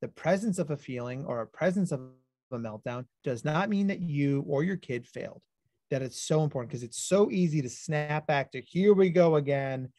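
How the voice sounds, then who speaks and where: Energetic male psychologist presenter, fairly high voice, animated storyteller, dry close sound. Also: moderate pace, no echo. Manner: explains plainly, then illustrates with stories. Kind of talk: livestreamed talk to parents.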